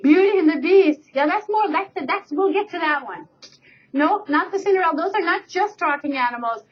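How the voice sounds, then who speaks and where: A woman teacher telling a fairy tale to her class in a lively storytelling manner, on a dull webcam recording. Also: extremely high pitch, normal speed. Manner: lively storyteller, voices for effect.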